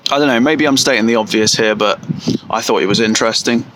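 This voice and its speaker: An English vlogger from England muses aloud in a casual video, his voice mid-range against some background noise. He thinks slowly, restarting and correcting himself, and playfully stretches out vowels to mimic how words are pronounced.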